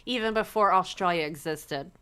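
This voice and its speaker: A woman co-hosting a livestream from an airport in casual chat, sassy and animated, laughing often. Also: fairly low pitch, normal speed, clear, resonant tone. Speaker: livestream co-host.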